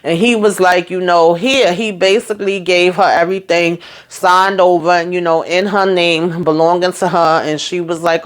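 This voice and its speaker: A woman chatting casually through a TV episode recap, retelling scenes in a lively, filler-filled way. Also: lowish voice, moderate pace, hardly any pauses. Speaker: TV show recap vlogger.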